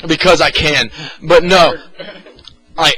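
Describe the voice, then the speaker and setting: A man co-hosting a podcast, telling a story in a loud, profane, animated way. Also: on the high side, takes it slowly, breathy edge, rough recording. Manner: profane, animated, exaggerated retelling. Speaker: podcast co-host. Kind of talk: casual storytelling.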